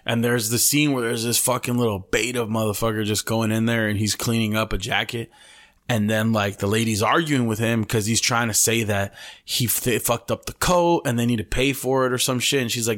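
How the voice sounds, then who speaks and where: A young man holds the mic on a casual podcast, his voice sitting at an ordinary middle pitch. He rambles through stories full of swearing and "bro", and slips Spanish slang into his English. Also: steady tone, a little fast, fairly bright tone. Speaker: podcast co-host. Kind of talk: casual chat.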